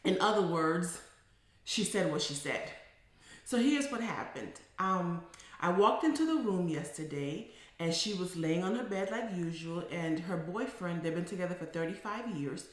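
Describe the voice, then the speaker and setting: Animated middle-aged woman in an echoey room. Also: fairly low pitch, moderate pace. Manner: emphatic, animated, builds to forceful declarations. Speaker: psychotherapist. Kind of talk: casual monologue storytelling.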